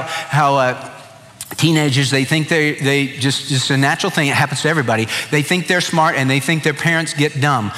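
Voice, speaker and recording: A middle-aged male pastor delivers a sermon full of folksy humor in a bright, slightly high-pitched voice. A long reverb trails each phrase, as in a large church hall.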